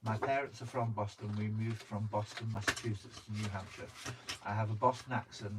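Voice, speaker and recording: Brief: off-mic male partner, dryly teasing, lowish voice, distant and noisy recording. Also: fairly even intonation, fairly quick. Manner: dry, teasing. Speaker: partner off camera. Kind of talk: casual chat. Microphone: off-mic, away from camera.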